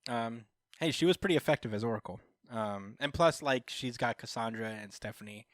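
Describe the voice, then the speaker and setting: A man's voice: medium pitch, fairly quick, fairly bright tone, no echo, clean studio sound. A young man hosting a podcast, loosely retelling a story in casual chat with lots of fillers. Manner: loose storytelling, many fillers, laughs at own jokes. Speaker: podcast host. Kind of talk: casual chat recapping comics.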